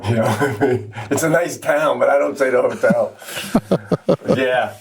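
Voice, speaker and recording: A man co-hosts a casual podcast, spinning long stories with a loose, profane, laughing delivery. His voice climbs sharply when he gets excited, and he sits a little back from the mic, so he sounds slightly distant. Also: moderate pace, gravelly, a little hiss or hum. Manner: animated, swears and laughs while telling stories, pitch jumps up when excited. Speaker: podcast co-host. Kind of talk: casual storytelling chat.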